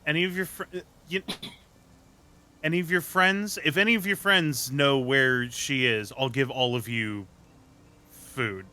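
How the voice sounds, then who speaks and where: A man's voice: medium pitch, measured pace, pushed and bright. A man playing a tabletop game, reading rules and speaking in character, blunt and swearing when annoyed. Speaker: player.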